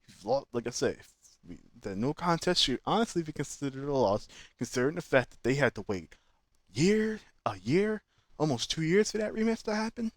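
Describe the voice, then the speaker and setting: A man hosting his own channel, giving opinionated, animated fan commentary in slangy casual speech. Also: on the high side, fairly quick, dry recording. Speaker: channel host.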